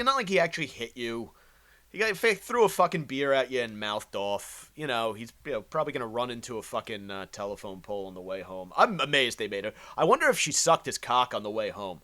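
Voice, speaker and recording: Guy hosting a podcast, foul-mouthed, rambly, tons of uhs and restarts, middle pitch. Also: sharp tone. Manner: profane, rambling, many fillers and restarts. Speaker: podcast host. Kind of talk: crude comedic commentary on video clips.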